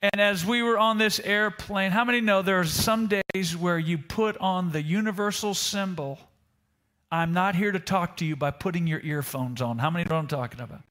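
A man's voice: sits high, a little fast, few pauses, sharp tone. A male pastor preaching a sermon to a congregation in Italy. He tells a personal story and keeps asking the room rhetorical questions. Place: church service in Italy.

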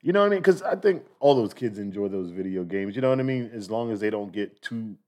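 A man's voice: lowish voice, lively intonation, fast talker, warm tone. A man in casual podcast chat, often checking in with "you know what I mean". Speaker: podcast guest.

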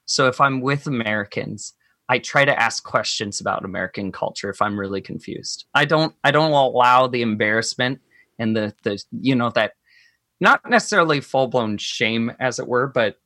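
A man talks through his own experience in a bright, clear voice, earnest and reflective. He thinks aloud as he goes. The sound is dry and close, as on a podcast mic. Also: medium pitch, lively intonation, normal speed, no room sound. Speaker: guest. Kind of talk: personal conversation.

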